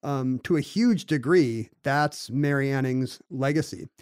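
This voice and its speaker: A man's voice: mid-range voice, a little slow, a little mellow, smooth, no room sound. Rambling man, dry close sound. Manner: rambling, explains at length with many "you know" fillers and restarts. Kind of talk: casual conversational podcast chat.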